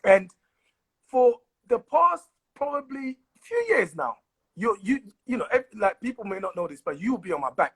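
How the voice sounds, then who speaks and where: A man hosting a casual conversation, eager and quick to affirm his guest. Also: high voice, sing-song, a bit bright, breathy edge. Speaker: host.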